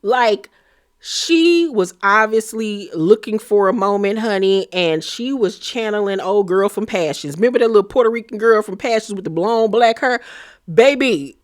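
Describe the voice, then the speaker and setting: A woman's voice: mid-range voice, lively intonation, moderate pace. A woman giving a sassy, blunt, slang-filled casual recap of a reality show, laughing as she rants. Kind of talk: casual gossip recap commentary.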